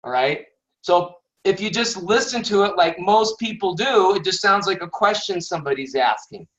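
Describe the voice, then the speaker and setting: A man's voice: high voice, expressive, moderate pace, a bit bright. A man teaching sales questioning techniques on a video call, talking casually, acting out sample questions and laughing often. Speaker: sales coach. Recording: dull lo-fi video call audio.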